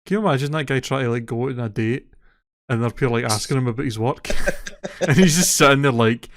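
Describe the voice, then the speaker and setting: A man's voice: medium pitch, fast talker, a little hiss or hum. A man co-hosting a casual podcast, retelling a story and swearing freely as he gets worked up. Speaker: podcast co-host. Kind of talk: casual chat.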